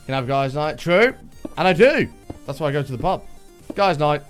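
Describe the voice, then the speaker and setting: A man's voice: fairly high pitch, lively intonation, normal speed, smooth, faint music behind. A man chatting casually and swearing freely while streaming a video game, talking to his viewers. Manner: chatty, sweary, jokey, talks to chat. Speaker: livestreamer playing a video game. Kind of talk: casual gaming stream chat.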